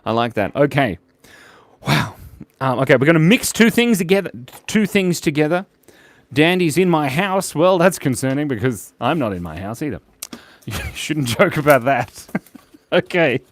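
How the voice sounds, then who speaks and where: Playful man chatting on a livestream. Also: medium pitch. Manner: playful, jokey, chatty with viewers. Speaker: livestream drawing host. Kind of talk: casual live-stream chat while drawing.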